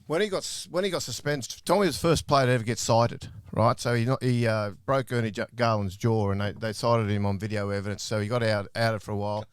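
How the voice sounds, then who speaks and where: Aussie man, podcast guest storyteller, mid-pitch, lively, dry close sound. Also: fast talker, few pauses, clean tone, dry recording. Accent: Australian. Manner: animated, laughing storyteller. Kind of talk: casual anecdote telling. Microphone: podcast microphone.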